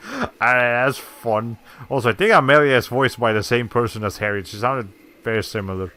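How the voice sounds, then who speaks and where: A man's voice: medium pitch, animated, normal speed, pushed and bright. A man giving casual, rambling commentary while playing a video game. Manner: rambling, self-correcting, chuckling. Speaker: streamer. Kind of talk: casual let's play commentary.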